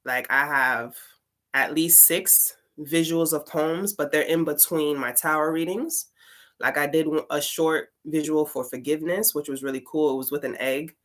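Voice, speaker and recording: A woman's voice: low voice, steady tone, moderate pace, fairly bright tone. A woman tarot reader and poet telling a casual story, full of "like" fillers and swearing.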